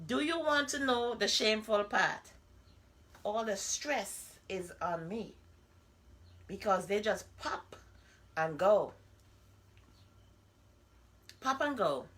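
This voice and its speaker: A woman, speaking a candid personal vlog monologue. She talks bluntly and chats freely, keeps throwing in rhetorical asides, and her voice sits at an ordinary middle pitch. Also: fairly bright tone. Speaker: vlogger.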